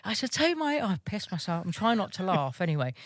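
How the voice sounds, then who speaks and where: A woman's voice: lowish voice, animated, fast talker, dry recording, studio quality. A woman army veteran being interviewed, telling stories casually, swearing freely and laughing as she goes.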